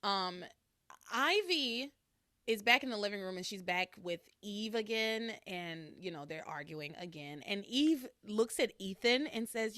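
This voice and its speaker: A woman hosting a podcast alone, casually recapping soap opera episodes in a chatty, animated way. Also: mid-range voice, unhurried, no echo, studio quality. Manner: chatty, animated retelling with quoted lines.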